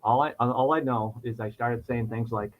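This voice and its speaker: A man of medium pitch telling a long personal story in a loose, animated way. His voice leaps up when he replays his own past words. The sound is a bit dull and lo-fi. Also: normal speed. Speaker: podcast guest. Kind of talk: storytelling in casual chat.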